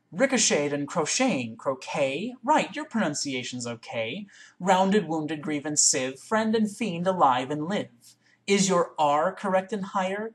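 Woman, deep voice, unhurried, careful word-by-word poem reading, webcam recording. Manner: careful, deliberate word-by-word recitation. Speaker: reader. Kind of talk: reading a poem aloud in one take.

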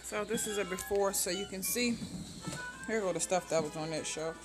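A woman in her thirties talks through her chores in a relaxed, chatty home-vlog way. She narrates each step as she goes, recorded on a handheld camera in her house, with clear music playing behind her. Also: medium pitch, moderate pace. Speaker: family vlogger. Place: home kitchen and laundry room.

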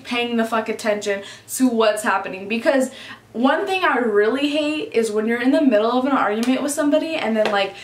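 High-voiced chatty young woman vlogger. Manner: chatty, swears often, says "like" constantly. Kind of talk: casual storytime. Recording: echoey room.

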